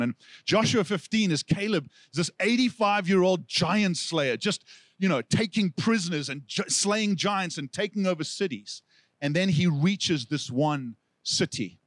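A South African man preaching from the pulpit, his voice sitting a little higher than most men's. He tells the story with animated energy, slipping into the voices of the people he quotes. The sound is close and dry, with no room echo. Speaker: pastor. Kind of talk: sermon.

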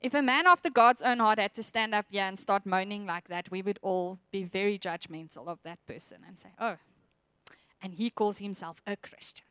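A woman's voice: mid-range voice, fairly quick, few pauses, bright, forceful tone, clean tone, no echo, studio quality. A woman preaching a sermon, earnest and reflective, reading scripture aloud with feeling.

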